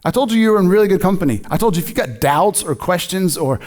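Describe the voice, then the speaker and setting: A man preaching a sermon in a conversational, animated way, joking with the congregation. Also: high voice, quick pace. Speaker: pastor.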